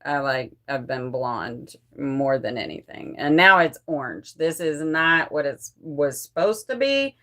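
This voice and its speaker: A woman's voice: a bass voice, animated, unhurried, hardly any pauses, fairly bright tone. A young woman vlogging in a casual, confessional way, candid and unfiltered, swearing freely.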